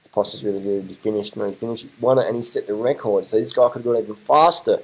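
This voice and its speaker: A man giving casual, excited commentary over race footage, repeating his phrases and swearing now and then. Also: fairly low pitch, quick pace, breathy edge.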